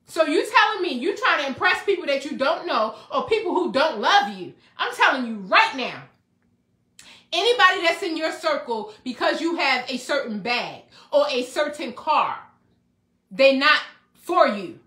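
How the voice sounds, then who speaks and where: A high, bright-voiced woman speaks with the fire of a preacher, asking rhetorical questions and circling back to her points. Her voice rings a little in an echoey room. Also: very animated, normal speed. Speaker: self-help speaker. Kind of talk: motivational preaching talk.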